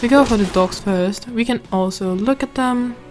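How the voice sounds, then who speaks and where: A woman's voice: a little high, normal speed. Chatty woman commentating a video game over music. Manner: chatty, rambling asides with restarts. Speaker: let's play host. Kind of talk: casual gameplay commentary. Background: game music and sound.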